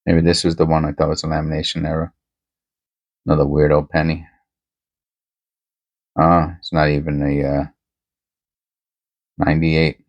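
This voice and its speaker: A man hosting a casual coin-hunting vlog, rambling and excitable, often tacking "man" onto his sentences. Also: a bass voice, normal speed, pauses often, muffled recording.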